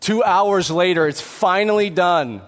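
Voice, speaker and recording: A man's voice: sits high, a little slow, long reverb tail. A man in his thirties or forties preaching a sermon, earnest, building to emphatic peaks with repeated words. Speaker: pastor.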